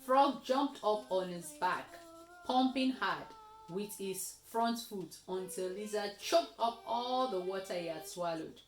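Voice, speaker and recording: A woman reading a children's story aloud, slowly and expressively, as host of a kids' reading session. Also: medium pitch, reverberant. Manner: slow, expressive read-aloud with lively voices.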